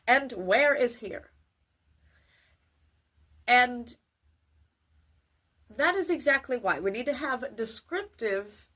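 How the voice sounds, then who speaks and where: A woman giving a grammar lesson for children, with careful, formal wording and deliberate delivery. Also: a little high, fairly bright tone. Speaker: teacher.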